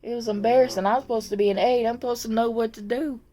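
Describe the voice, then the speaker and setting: A woman's voice: a little high, steady tone, fast, mellow. A woman who used to work as a nursing aide, telling a story in a chatty, casual way, laughing often and repeating words as she goes.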